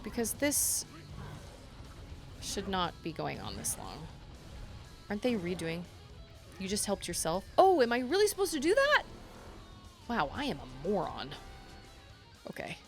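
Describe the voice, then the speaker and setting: Chatty, lively young woman game streamer. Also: mid-range voice, unhurried, vocal fry, long pauses, soft background music. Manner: chatty, self-deprecating, thinks aloud with frequent restarts. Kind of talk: live game stream chat.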